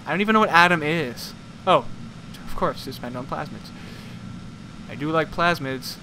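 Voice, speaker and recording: A man's voice: a little high, normal speed, bright, forceful tone, a little hiss or hum. A man joking sarcastically and swearing through casual commentary on a game he is playing. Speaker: let's play gamer.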